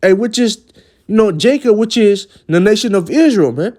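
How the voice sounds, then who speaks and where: A man with a high voice teaches a religious lesson in a forceful preaching style. He closes many phrases with "man". He sometimes trips and repeats his words. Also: animated, moderate pace. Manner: emphatic, ends phrases with "man".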